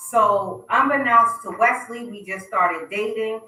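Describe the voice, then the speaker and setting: A woman's voice: on the high side, unhurried, sharp tone. A woman hosting a talk radio show, making upbeat, chatty announcements from a studio. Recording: roomy, distant mic.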